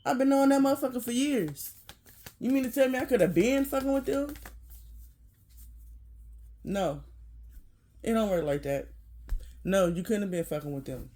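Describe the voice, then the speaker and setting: A vlogger in a casual rant to camera, blunt and profane, often laughing, dropping to low mutters then bursting out loud. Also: expressive, normal speed, pauses often, slight background noise.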